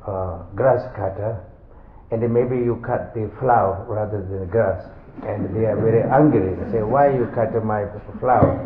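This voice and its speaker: Slow halting man giving a dharma talk. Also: lowish voice, a little hiss or hum. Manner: slow, halting, simple phrasing. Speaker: Buddhist teacher. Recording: echoey, phone-like sound.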